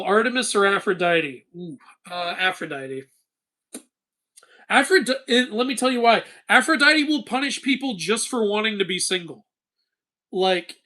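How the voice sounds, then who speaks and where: A man hosting a casual live-stream Q&A, reading chat questions and answering in an animated way, laughing often and swearing casually. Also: high voice.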